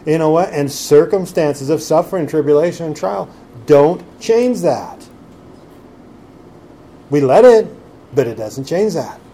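A man's voice: on the high side, lively intonation, unhurried, pauses often, dark tone, a little hiss or hum. A man preaching a sermon in a conversational way, full of rhetorical questions. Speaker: pastor.

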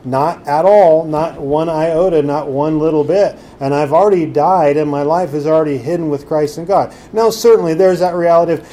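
A man's voice: on the high side, normal speed, hardly any pauses, dark tone, a little hiss or hum. A man preaching a sermon in a conversational way, full of rhetorical questions. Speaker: pastor.

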